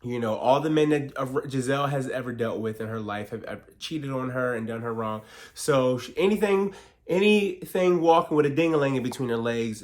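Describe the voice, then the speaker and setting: A man recapping a reality TV episode in casual, slangy talk, animated and quick to act out what the cast members said. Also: mid-range voice.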